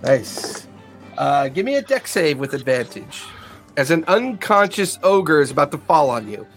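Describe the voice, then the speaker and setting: A man with a high voice narrates a tabletop game as game master, describing the scene and calling for rolls. He laughs easily as he talks. Faint music plays behind him. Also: big pitch swings, a little slow.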